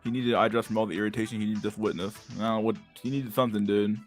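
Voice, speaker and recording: A man's voice: on the low side, steady tone, fast talker, hardly any pauses, no echo, soft background music. A young man reacting to videos in casual, profane commentary, incredulous and sarcastic, who keeps calling people dude. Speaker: stream host reacting to videos.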